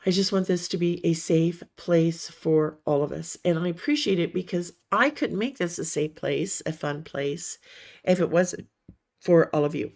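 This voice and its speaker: Affectionate woman host with a lower voice. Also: moderate pace, gravelly, a little mellow. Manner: affectionate, calls viewers honey and sweetie; chatty and encouraging. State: coughing now and then. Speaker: livestream host for writers. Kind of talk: casual livestream chat.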